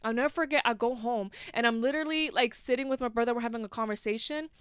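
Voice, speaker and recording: A woman's voice: on the high side, quick pace, fairly bright tone, smooth, no echo, clean studio sound. A young woman hosting a podcast, telling a personal story in casual chat, full of "like" fillers and swearing. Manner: chatty, heavy on "like", swears freely. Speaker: podcast host.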